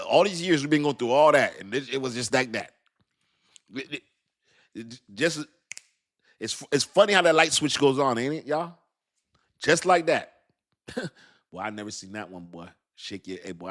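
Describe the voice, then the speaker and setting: A man hosting a casual livestream, talking in an animated, slangy way, laughing often and calling out to his chat. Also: medium pitch, normal speed, long pauses. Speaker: crypto livestream host.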